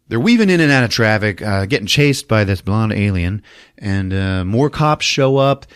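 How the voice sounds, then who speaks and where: A man's voice: fairly low pitch, expressive, moderate pace, clear, resonant tone, no echo, studio quality. A man hosting a podcast, recapping a movie in a profane, comedic storytelling manner, laughing often. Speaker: podcast host. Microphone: podcast mic.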